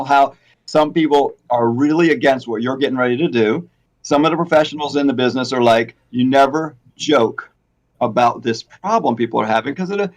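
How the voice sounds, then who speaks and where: A man and longtime hair replacement stylist in a casual chat, rambling a little and laughing often. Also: a little high.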